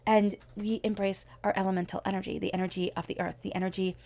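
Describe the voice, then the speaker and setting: A woman's voice: medium pitch, level tone, fast, a little mellow. A woman giving a spoken tarot reading, talking in an earnest, reflective way as she offers spiritual guidance. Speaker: tarot reader.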